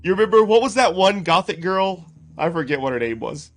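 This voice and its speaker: A man's voice: sits high, expressive, brisk. A man casually commenting on clips during a live stream, reading out chat names and laughing often. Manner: chatty, laughs often, greets chat by name.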